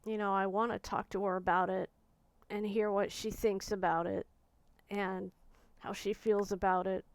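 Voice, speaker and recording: Smooth-voiced woman in her forties, reflective. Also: medium pitch, level tone, no echo. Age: 40s. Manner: soft, searching, halting speech with frequent restarts. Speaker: vlogger. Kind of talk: personal reflective monologue.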